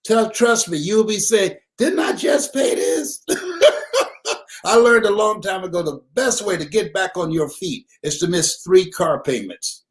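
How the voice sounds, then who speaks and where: An older man speaking in a high, lively voice that rises and falls a great deal. He talks slowly and tells stories like a preacher, repeating words and building to shouted punchlines. He takes his time with every phrase. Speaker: motivational speaker. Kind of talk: live motivational talk with storytelling.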